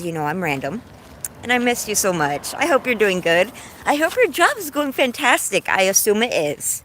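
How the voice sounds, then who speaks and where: A woman in her forties, speaking in a mid-range, somewhat bright voice over a faint hiss or hum, livestreams casually while walking outdoors. Her storytelling comes across as effusive and heartfelt.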